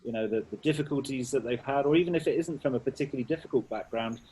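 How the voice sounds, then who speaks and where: A man hosting a remote interview, asking thoughtful, measured questions over a call. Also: medium pitch, warm tone, slight background noise, low-quality recording.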